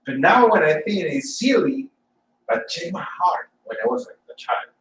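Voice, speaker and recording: A man from Colombia, giving an informal sermon and personal testimony for a church service, halting and often repeating words as he tells his story. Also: a little high, sing-song, echoey room, distant mic, noisy background. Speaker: church speaker.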